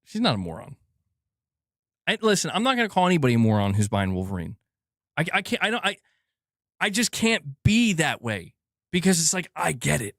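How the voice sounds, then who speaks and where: A man's voice: fairly high pitch, big pitch swings, brisk, long pauses, a bit bright, no echo, clean studio sound. Fired-up man ranting about games. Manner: exasperated, swears often, restarts sentences, mocks with put-on quotes. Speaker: gaming channel host. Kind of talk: heated solo rant.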